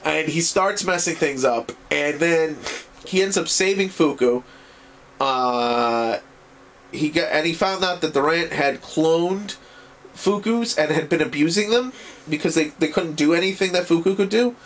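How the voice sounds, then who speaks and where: A man recapping an anime series in a casual video review, rambling and excitable and swearing freely. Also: on the high side, a little slow.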